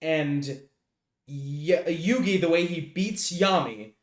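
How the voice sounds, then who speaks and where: A man with a fairly high voice talks through a story in loose, rambling chat, tripping over fillers and swearing freely. His voice rings out in an echoey room, podcast co-host style. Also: slow pace. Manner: rambling and profane, many fillers. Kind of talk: casual recap chat.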